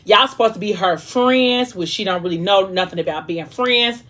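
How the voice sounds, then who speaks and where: A young woman chats straight to her viewers, retelling a story with lively, dramatic flair. She leans into slang and throws herself into the characters' quoted lines. Her voice sits in an ordinary middle range. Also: mid-range voice, normal speed. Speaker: mukbang vlogger retelling a book. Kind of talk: casual storytelling chat.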